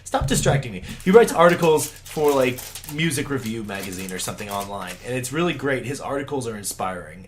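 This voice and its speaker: A man's voice: mid-range voice, lively intonation, brisk. A man co-hosting a podcast in casual chat, rambling and laughing often. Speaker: podcast co-host.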